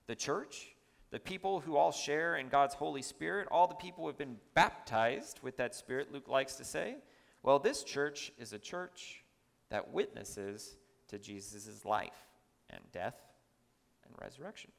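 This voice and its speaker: Man preaching with a gravelly lively voice. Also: medium pitch, measured pace, in a large hall. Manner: emphatic, with chatty asides to the congregation. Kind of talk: sermon.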